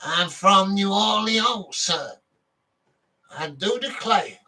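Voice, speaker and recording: A man voicing a pompous, mannered Southern gentleman with a high, drawling, exaggerated voice. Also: animated, takes it slowly, far from the mic, full character voice.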